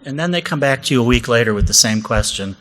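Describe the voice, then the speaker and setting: A man's voice: mid-range voice, animated, quick pace, a bit bright, poor audio. A man co-presenting a comedic conference session, chatty and jokey, often asking the audience questions.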